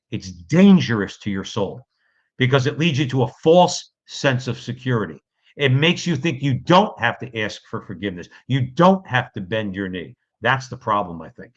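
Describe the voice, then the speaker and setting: A man's voice: mid-range voice, sing-song, fairly quick. A man co-hosting a podcast, explaining points in casual talk and checking in with "okay?". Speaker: podcast co-host. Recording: dull lo-fi podcast audio.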